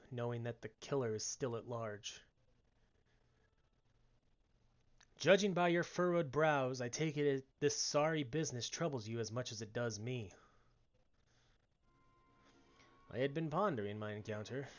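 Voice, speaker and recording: A man's voice: mid-range voice, natural voice. A man voicing a male villager quest-giver from a fantasy game, reading the lines with old-fashioned speech. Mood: troubled. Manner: reads game dialogue aloud with old-fashioned turns of speech. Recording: slightly dull lo-fi stream audio.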